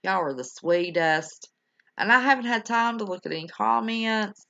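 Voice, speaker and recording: With vocal fry and a sharp tone, this older woman's medium-pitched voice is animated and at normal speed as she hosts her stream. She chats casually with live viewers, folksy and affectionate, calling them honey and y'all, over dull lo-fi home audio.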